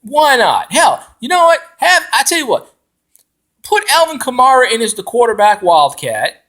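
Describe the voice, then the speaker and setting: A man ranting as a football fan, loud and profane, with lots of fillers and restarts. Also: very high-pitched, sing-song, normal speed. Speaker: fan commentator.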